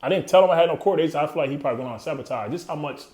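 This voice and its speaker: A man in his thirties with a slightly high, darkish voice speaks rapid-fire as an interview guest in an echoey room. His candid story is heavy on slang and streetwise, frequently trailing off.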